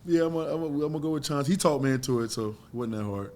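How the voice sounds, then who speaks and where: A man's voice: medium pitch, very fast. A man in his forties, a former fighter, telling stories in casual chat with a blunt, profane manner. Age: 40s. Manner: blunt, profane, animated storyteller.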